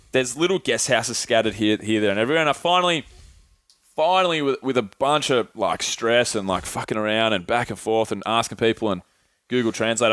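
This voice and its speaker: Medium in pitch and a bit bright, this man's voice comes through with no room sound. He's a young Australian podcast co-host spinning casual travel tales. His chat rambles, with lots of fillers and swearing.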